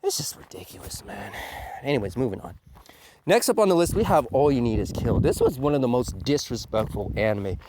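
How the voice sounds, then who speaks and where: A man's voice: mid-range voice, sing-song, a little fast, noisy background. A man giving a crude, mocking countdown rant as an anime reviewer, swearing often and sneering at fans. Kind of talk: ranting countdown commentary.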